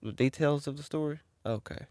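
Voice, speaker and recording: A man's voice: fairly high pitch, a little fast, a little mellow, no room sound, studio quality. Man asking questions on a podcast. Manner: short interjections and questions. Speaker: podcast co-host. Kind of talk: casual chat.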